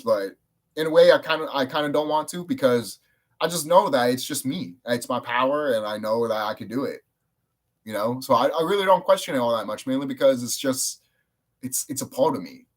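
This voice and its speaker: A man rambling casually to the camera, swearing often and jumping up in pitch when he gets excited. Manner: rambling, profane, excitable, with sudden jumps up in pitch. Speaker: video creator. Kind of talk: casual monologue.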